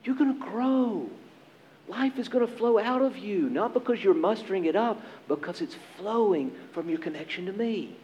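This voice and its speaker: A man preaching a sermon as pastor, earnest and emphatic, with dramatic pauses. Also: high-pitched, expressive, a little mellow, dull audio, a little hiss or hum.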